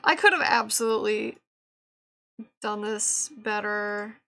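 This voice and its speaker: Woman, live streamer, self-talk while working, exasperated, bright voice, slow delivery. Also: medium pitch. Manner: mutters to herself, exasperated, laughing at her own mistakes.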